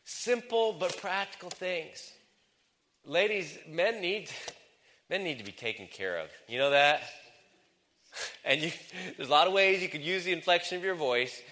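A man preaching a sermon in an animated, joking way, with wide swings in pitch and loudness. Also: normal speed, in a large hall.

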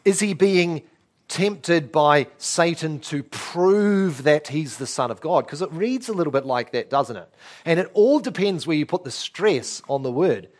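Animated man preaching a sermon. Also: a little high, moderate pace. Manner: animated, rhetorical questions, stresses words. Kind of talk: expository sermon.

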